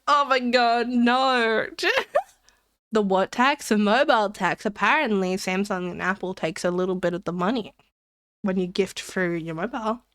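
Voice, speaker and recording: A woman's voice: medium pitch, moderate pace, fairly bright tone, clear, resonant tone, no echo, studio quality. A young woman streamer chatting casually with her chat, rambling and giggling between jokes.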